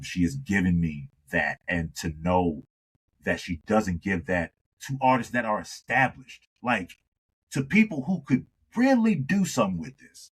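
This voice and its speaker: A deep, husky-voiced man speaks as a singer being interviewed. He tells his stories in an animated way and acts out the lines of the people in them. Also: rough recording. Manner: animated storyteller who acts out dialogue. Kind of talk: storytelling in a conversation.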